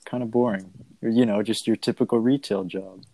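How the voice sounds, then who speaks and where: A young man in casual podcast chat, hesitant and halting, with many restarts. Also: on the low side, steady tone, warm tone, no room sound.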